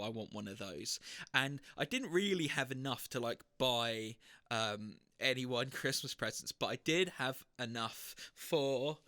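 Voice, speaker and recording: A man answering viewer questions in a casual storytelling Q&A, animated and acting out the people in his anecdotes. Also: medium pitch, no room sound, studio quality.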